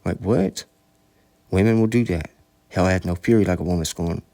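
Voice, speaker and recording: A man with a very deep, low voice holds forth in a rambling monologue. He sounds preachy and profane, circling back on his points as he lectures. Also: moderate pace, vocal fry, mellow.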